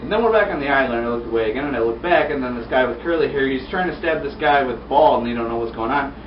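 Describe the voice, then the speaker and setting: A young man excitedly recapping an episode in a casual, rambling way, slipping into silly voices for the characters. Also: medium pitch, rapid-fire, slight background noise. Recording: echoey room, distant dull mic.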